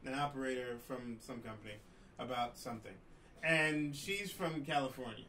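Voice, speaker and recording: A man from New Jersey co-hosting a podcast, telling stories in a lively, animated way and acting out the people he quotes. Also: medium pitch, moderate pace, a little hiss or hum. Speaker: podcast co-host. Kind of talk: casual chat, storytelling. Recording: roomy distant mic, faint ambience.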